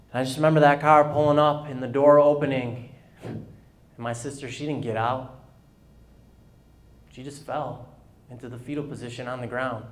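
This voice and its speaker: A man giving a personal testimony at a business luncheon, telling his story candidly and acting out the dialogue. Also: medium pitch. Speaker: guest speaker.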